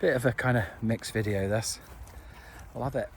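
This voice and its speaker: A man's voice: mid-range voice, moderate pace, a little hiss or hum. Chatty man vlogging from his camp. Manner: chatty, jokey, enthusiastic. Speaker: camping vlogger. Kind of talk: casual vlog chat. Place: outdoors at a back-garden camp. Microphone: phone camera.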